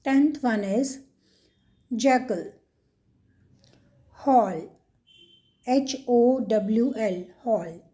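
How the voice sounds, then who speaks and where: A woman's voice: a little high, extremely slow, long pauses, dark tone. A woman with an Indian English accent hosting a children's lesson, naming animal sounds and spelling each word out letter by letter. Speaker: kids' channel host.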